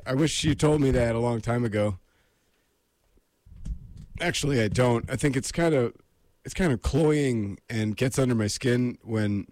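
A man's voice: medium pitch, darkish tone, no room sound, clean studio sound. An American man hosting a casual solo show, rambling with self-deprecating asides before reading a book aloud. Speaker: podcast host reading aloud.

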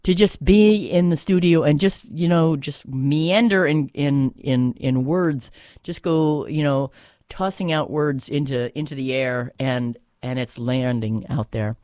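A woman's voice: sits low, unhurried, warm tone, no echo. A woman hosting a radio show, musing aloud in a meandering monologue full of fillers and restarts, from a studio. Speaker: radio host. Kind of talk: rambling solo radio monologue.

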